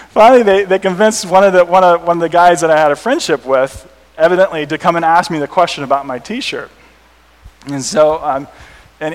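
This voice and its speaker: An American man, a missionary, telling stories to an audience in a large hall, animated and laughing at his own jokes. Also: a little high. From United States. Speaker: missionary speaker. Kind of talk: storytelling talk to an audience. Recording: reverberant hall.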